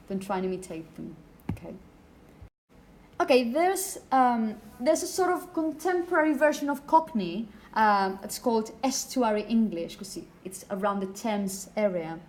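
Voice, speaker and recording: A woman's voice: a little high, a little mellow, slight background noise. A woman teaching a phonetics class in a classroom, chatty and apologetic, putting questions to her students. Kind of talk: classroom lecture.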